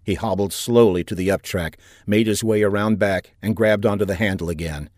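A man narrating a science fiction audiobook in a steady, even storytelling manner on a close mic. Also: on the low side, brisk, dry recording. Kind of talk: scripted narration.

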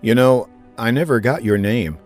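A man's voice: mid-range voice, normal speed, faint music behind, lightly acted. A man reading a science-fiction storybook plays a daring male space pilot who barks urgent orders and answers in clipped, dry quips.

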